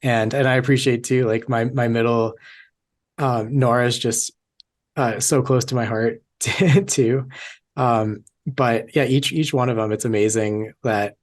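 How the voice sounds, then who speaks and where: A man hosting a podcast interview, speaking gently and haltingly with many pauses and fillers. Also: medium pitch, steady tone. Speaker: podcast host. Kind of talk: casual interview.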